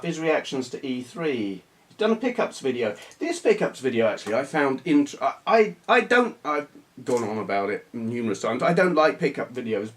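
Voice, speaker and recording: A man talks casually to his camera about retro games. He rambles, restarts his sentences and mocks himself, and his pitch sits in the middle. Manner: rambling, full of restarts and self-deprecating asides. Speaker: retro gaming YouTuber. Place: small hot room under bright video lights.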